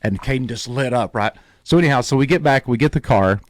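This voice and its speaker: Male radio host, lively storyteller, dry close mic. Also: medium pitch, quick pace, no echo. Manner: animated storyteller, acts out quoted voices.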